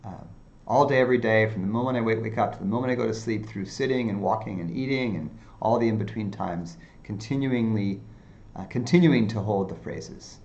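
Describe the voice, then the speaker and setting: Low-voiced man giving a meditation talk. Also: gravelly, highs cut off. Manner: unhurried, many fillers, repeats phrases softly. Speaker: meditation teacher. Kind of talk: dharma talk.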